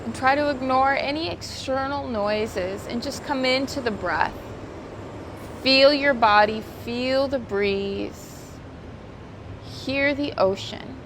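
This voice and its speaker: A woman's voice: high-pitched, noisy background. Soothing woman guiding a yoga class. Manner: gentle, soothing, unhurried cues; slips into Spanish cues. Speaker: yoga instructor. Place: outdoors by the ocean.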